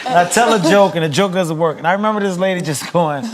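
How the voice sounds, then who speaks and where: A man's voice: sits high, fast talker. A man on a talk show telling a comic story animatedly, acting out the other voices and laughing.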